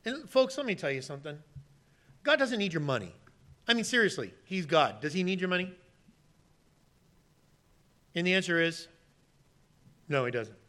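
A man, likely in his thirties, preaching a sermon with lively delivery, acting out pleading voices in sudden loud bursts and then dropping to quiet asides. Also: sits high, normal speed, pauses often. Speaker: pastor.

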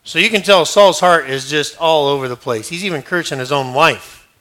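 Male pastor, chatty sermon delivery with jokes, forceful bright tone, slightly higher voice. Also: normal speed. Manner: conversational and joking, acts out scenes.

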